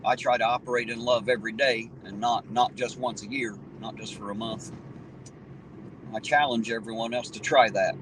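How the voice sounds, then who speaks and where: A man's voice: medium pitch, fairly even intonation, normal speed. Folksy Appalachian man live-streaming from a car. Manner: chatty, folksy, greets viewers by name. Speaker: livestream host. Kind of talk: casual live-stream chat, greeting viewers. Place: in a vehicle at night. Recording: distant mic with loud road noise.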